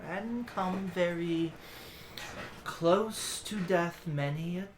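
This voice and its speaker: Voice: medium pitch, slight background noise. A game master voicing an ancient dragon brood mother. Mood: solemn. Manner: slow, hushed, deliberate speech. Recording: echoey room.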